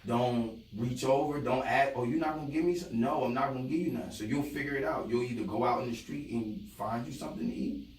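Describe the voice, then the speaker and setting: A man in casual podcast chat, animated and profane, acting out both sides of an argument with his partner. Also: medium pitch, a little fast, echoey room, far from the mic, low-quality recording. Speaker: podcast guest. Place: podcast studio.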